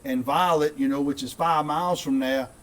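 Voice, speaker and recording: A man's voice: a little high, fairly even intonation, moderate pace, fairly bright tone, recorded from a distance. A middle-aged man telling a long story. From St. Bernard Parish, Louisiana. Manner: rambling, repeats words, says "dude" often. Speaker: guest, content creator. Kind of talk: casual storytelling.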